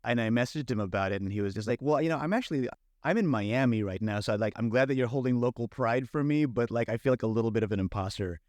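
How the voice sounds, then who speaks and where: A middle-aged man, a film director guest, telling stories in casual, animated talk full of fillers and quoted thoughts. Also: mid-range voice, quick pace, dry recording. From San Francisco Bay Area. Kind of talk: casual conversational storytelling.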